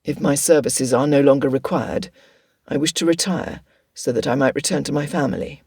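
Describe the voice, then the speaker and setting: A woman voicing a reserved young gentleman spy, clipped and formal, in a storybook reading. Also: low voice, normal speed, husky, dry recording, studio quality, voice pushed down.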